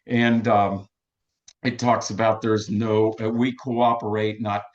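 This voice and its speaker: A man's voice: on the low side, little pitch movement, slow pace. An older man gives a passionate, emotional storytelling talk as a recovery meeting speaker. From Texas. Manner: passionate, emphatic. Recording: dull lo-fi recording.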